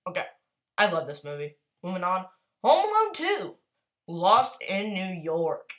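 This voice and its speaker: Gushing, excitable woman ranking films. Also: fairly low pitch, a little slow. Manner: gushing, excitable, rambling with frequent apologies and laughs. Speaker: YouTuber ranking movies. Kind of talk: casual tier-list chat.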